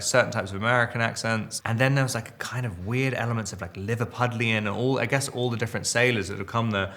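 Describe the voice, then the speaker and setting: A man in his thirties reminisces in a loose, self-amused way, tripping over restarts and fillers and breaking into chuckles. His voice sits fairly low with a gravelly fry, yet has a bright, tense edge. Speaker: actor interviewee. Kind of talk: casual interview, reminiscing.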